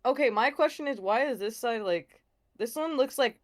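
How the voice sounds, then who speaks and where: A young woman co-hosting a casual podcast, talking in an animated, slangy way and laughing often. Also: fairly high pitch, normal speed. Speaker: podcast co-host. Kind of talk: casual chat. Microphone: video call.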